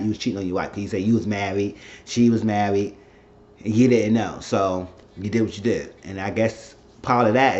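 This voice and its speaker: Animated man recapping a TV episode. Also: dull audio. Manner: animated retelling, acting out characters' lines with big jumps in pitch. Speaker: TV recap host.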